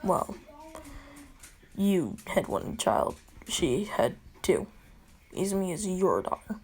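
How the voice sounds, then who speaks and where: Woman reading a cold half-robot boy, slow, gravelly, breathy whisper at times. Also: on the low side, big pitch swings, darkish tone, exaggerated voice. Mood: flat, cocky.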